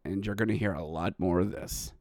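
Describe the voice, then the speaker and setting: A young adult man hosting a solo hockey podcast, mixing excited play-by-play goal calls with sardonic commentary. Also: sits low, brisk, no echo, studio quality. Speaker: podcast host.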